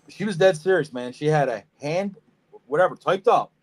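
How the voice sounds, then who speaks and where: A man's voice: on the high side, fairly quick. Reptile breeder guy on a podcast, cursing a lot, acting out the quotes, all over the place. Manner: animated, swears freely, acts out quotes. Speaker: podcast co-host, snake breeder. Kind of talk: casual storytelling chat.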